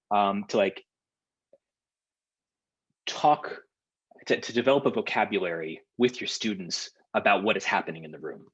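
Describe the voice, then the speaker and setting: Guy teaching over zoom, low husky voice, lots of ums and restarts, kinda lo-fi sound. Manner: hesitant, lots of fillers and restarts. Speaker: workshop leader. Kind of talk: teaching seminar on a video call. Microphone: video call. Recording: lo-fi video call audio.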